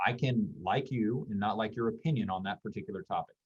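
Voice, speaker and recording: A man's voice: on the low side, fast talker, darkish tone, breathy edge. A man guesting on a talk show, speaking casually and thoughtfully with many fillers and restarts. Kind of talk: casual conversation on a video call. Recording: dull lo-fi call audio.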